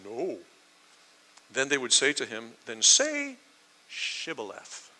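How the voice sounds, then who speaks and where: A man's voice: on the low side, bright, forceful tone, slight background noise, poor audio. A middle-aged man preaching a sermon, telling stories with emphasis. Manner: storytelling, emphatic. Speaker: pastor.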